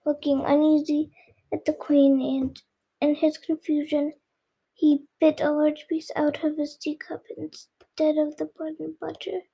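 A child reading a storybook aloud, slow and careful, stumbling and repeating words now and then. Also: high-pitched, monotone, vocal fry, warm tone, poor audio. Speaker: reader.

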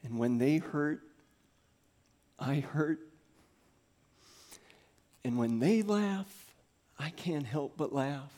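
A man in his thirties preaching a sermon in a church, swinging from soft near-whispers to loud, rising calls. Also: fairly high pitch, very slow, long pauses. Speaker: pastor. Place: church sanctuary.

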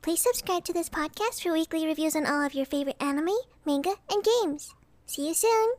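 A man putting on a squeaky, cartoonish voice for a podcast intro promo. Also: brisk. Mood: chirpy.

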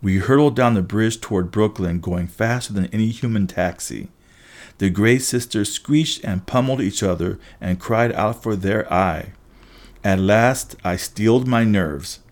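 A man with a somewhat low voice reads a storybook aloud. His first-person telling is lively and emphatic. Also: unhurried. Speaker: audiobook narrator. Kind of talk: storybook narration.

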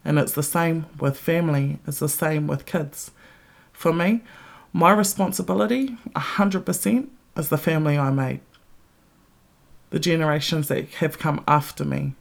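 A woman's voice: sits low, fairly even intonation, normal speed, vocal fry. A middle-aged woman hosting a podcast, ranting bluntly with heavy swearing and strong emphasis. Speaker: podcast host. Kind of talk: casual ranting monologue.

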